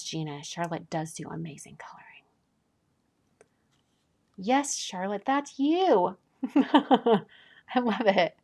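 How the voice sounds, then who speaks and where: A woman hosting a casual live stream, chatting and gushing as she opens mail, often dropping to a soft whisper. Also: on the low side. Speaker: card-making channel host.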